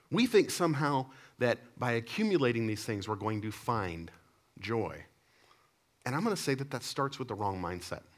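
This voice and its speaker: A man preaching a sermon to his congregation. He tells stories animatedly, swinging between loud emphatic lines and low, quiet asides. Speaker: pastor. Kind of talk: sermon with storytelling.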